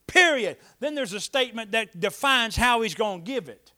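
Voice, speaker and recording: A preacher with a high, bright, ringing voice delivers his sermon. He swings from hushed, chuckling asides to loud, emphatic declarations and calls on the congregation for amens. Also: lively intonation, brisk. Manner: preaching with call-and-response, swinging between soft asides and loud emphatic lines. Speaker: pastor.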